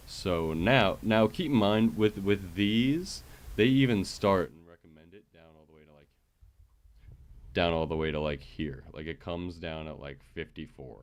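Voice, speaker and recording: A man streaming live from his computer setup, walking viewers through fixing his microphone in a chatty, casual way that is full of fillers and check-ins with the audience. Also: sits low. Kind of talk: casual livestream tech walkthrough. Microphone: USB microphone with headset monitoring.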